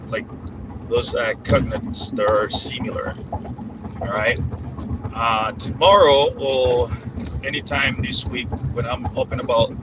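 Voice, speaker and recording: A man teaching Spanish vocabulary casually while driving, explaining loosely with fillers and slowing down to spell out and repeat examples. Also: mid-range voice. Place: inside a moving car. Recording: distant mic with loud road noise.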